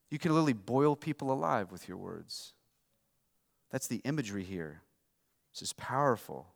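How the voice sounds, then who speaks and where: A man preaching a sermon as pastor, emphatic, swinging between loud and hushed. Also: medium pitch. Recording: long hall reverb.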